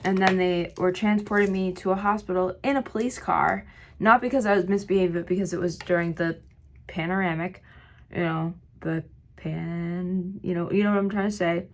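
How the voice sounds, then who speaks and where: A woman vlogging while doing her makeup, telling a long personal story in a rambling, filler-heavy way, her voice slightly hoarse. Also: fairly low pitch, steady tone, normal speed. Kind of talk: get-ready-with-me storytime.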